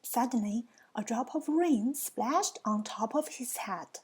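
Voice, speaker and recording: A woman's voice: a little high, expressive, takes it slowly, a little mellow, slightly rough. A woman reading a children's picture book aloud, with playful, teasing asides to her listeners. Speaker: storybook reader.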